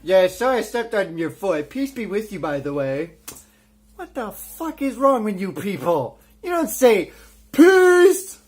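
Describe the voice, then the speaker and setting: A man's voice: high-pitched, big pitch swings, measured pace. A man giving a sarcastic, profane comedic review, ranting over clips.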